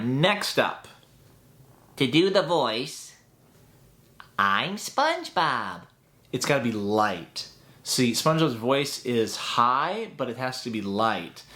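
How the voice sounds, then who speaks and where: A man's voice: mid-range voice, bright, forceful tone. A man teaching a voice acting tutorial in an upbeat, chatty way that breaks into laughs at his own asides.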